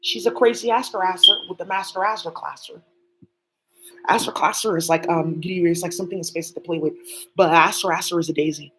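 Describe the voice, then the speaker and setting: A woman's voice: lowish voice, fairly even intonation, a little fast, background noise. A woman talking alone on a livestream, rambling and swearing as she jumps from one topic to the next. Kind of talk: rambling solo livestream talk.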